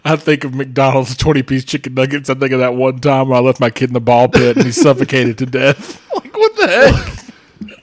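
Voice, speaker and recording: A man with a mid-range voice chats casually as a podcast co-host. He trades dark jokes and laughs often. His telling is loose, with quick asides. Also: medium pitch, flat delivery. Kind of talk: casual chat.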